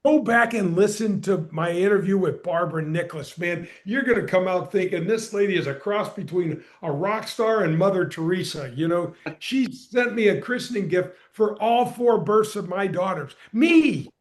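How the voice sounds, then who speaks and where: A middle-aged man, a guest on a podcast, telling an animated story with emphatic energy. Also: high voice, moderate pace, few pauses. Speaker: podcast guest, former pro golfer and radio host.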